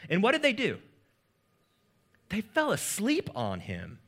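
A man preaching a sermon as pastor, in a casual, joking manner with lively asides. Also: high voice, measured pace, pauses often.

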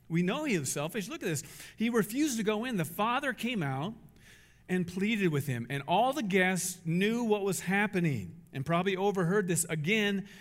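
High-voiced man preaching in a reverberant hall. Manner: emphatic, rhetorical questions, acts out quotes. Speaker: pastor. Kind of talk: sermon.

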